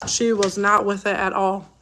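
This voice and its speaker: Speaking at a normal speed with little rise or fall in pitch, this woman has a medium, fairly bright voice, and a faint hiss or hum sits under the audio. She's a mom and vlogger in a relaxed live chat with viewers, anxious and rambling with frequent restarts, near tears.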